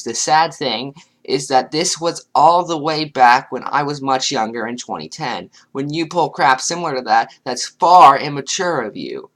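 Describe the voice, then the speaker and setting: A woman's voice: a bass voice, fairly bright tone. A woman giving sarcastic, exasperated commentary while reading online comments aloud. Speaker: commentary youtuber.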